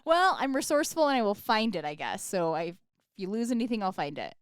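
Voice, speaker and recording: Animated woman podcast co-host. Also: medium pitch, quick pace, smooth, no room sound, studio quality. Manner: laughing, animated storyteller. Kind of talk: casual chat.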